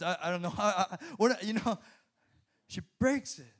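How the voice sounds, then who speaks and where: A young man preaching a sermon in an animated way, laughing often and repeating words when excited. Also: extremely high pitch, normal speed.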